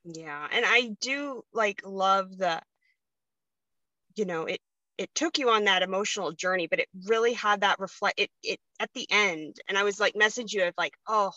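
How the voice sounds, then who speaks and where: A woman's voice: mid-range voice, normal speed, bright, forceful tone, no echo, highs cut off. A woman hosting a podcast, talking in a chatty, gushing way about books that moved her. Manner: chatty, gushing, laughs easily. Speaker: podcast host. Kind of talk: casual chat.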